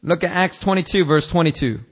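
A male pastor preaching a casual, animated sermon, acting out Bible characters in changing voices and using slang. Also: a little high, brisk.

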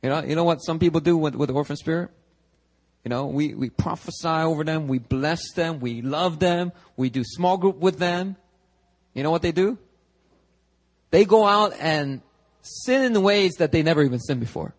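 A young male pastor preaching a casual, conversational sermon, animated and full of quick asides and restarts. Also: on the high side. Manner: animated, chatty, frequent restarts and asides to the congregation. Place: church sanctuary.

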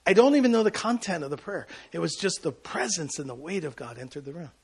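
A man preaching a sermon as pastor, telling a personal story with sudden loud bursts and quiet asides. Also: fairly high pitch, expressive, fast talker, slightly rough.

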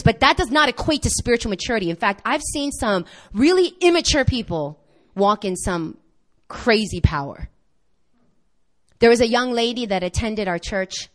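A woman pastor delivers a sermon in a somewhat high voice. She tells stories animatedly, slipping into the voices of the people she quotes.

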